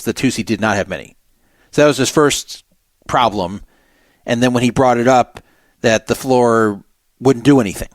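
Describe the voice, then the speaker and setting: A man hosts a talk radio show, stopping to recap a story for his listeners in a plain, explanatory way. His voice sits at an average pitch and sounds dry and close, with no room around it. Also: dry recording.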